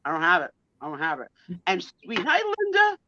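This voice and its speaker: A woman telling stories in a casual live-stream chat, animated and quick to laugh, acting out what people said. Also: low-pitched, no room sound. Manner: animated storyteller, quick laughs, acts out quotes. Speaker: guest co-host of a live sale chat. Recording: dull, dry lo-fi stream audio.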